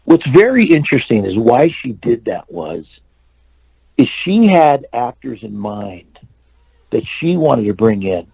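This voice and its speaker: Gravelly-voiced older man telling stories. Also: mid-range voice, sing-song, measured pace, mellow, no echo, rough recording. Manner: rambling anecdotes with restarts and acted-out quotes. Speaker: interview guest, actor and stuntman. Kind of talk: casual storytelling interview.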